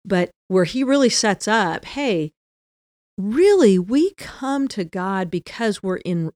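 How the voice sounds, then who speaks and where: A woman hosting a faith podcast, speaking in a relaxed, conversational way. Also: medium pitch, takes it slowly, no echo, studio quality. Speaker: podcast host.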